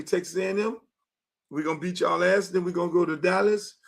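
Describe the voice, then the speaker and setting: A man from Miami hosting a podcast, delivering a fired-up, profane sports rant and shouting out the quotes he acts. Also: high-pitched, fairly even intonation, brisk, gravelly. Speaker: podcast host. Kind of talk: unfiltered sports commentary monologue.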